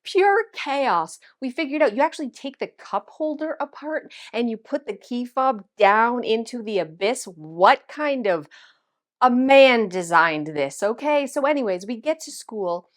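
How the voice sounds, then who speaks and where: A woman, a vlog host telling a story to camera in an animated, dramatic way and acting out the quotes. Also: fairly high pitch, normal speed, few pauses.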